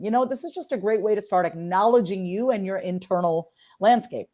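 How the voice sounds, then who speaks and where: A woman's voice: mid-range voice, fairly quick, hardly any pauses. A woman from Long Island, New York, talking as a guest in a casual interview and acting out sample tones of voice as she explains. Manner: expressive, acts out sample voices in different tones. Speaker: author and guest.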